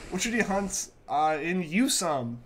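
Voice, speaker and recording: A young man hosting a live game stream speaks unhurriedly in a high, fairly bright voice with big pitch swings. He chats casually with viewers, often repeats himself, and sounds congested from a sore throat he's getting over; a little hiss or hum is audible.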